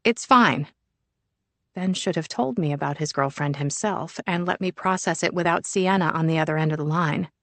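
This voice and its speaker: A woman narrating a psychological thriller in the first person, measured and steady. Her voice sits on the low side. The studio sound is dry and close, with no room echo. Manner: measured, even storytelling. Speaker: audiobook narrator.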